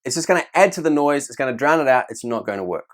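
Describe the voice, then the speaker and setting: A man's voice: medium pitch, animated, quick pace, noisy background. A chatty male teacher talks to camera and gives classroom tips. He pokes fun at himself now and then. His voice sits in an ordinary middle range. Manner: chatty, self-deprecating. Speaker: teacher and video host.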